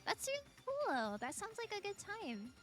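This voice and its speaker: A woman's voice: extremely high pitch, wildly swooping pitch, normal speed, a bit bright. A young American woman streaming a game, chatting and giggling casually as she answers her chat. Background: faint game music.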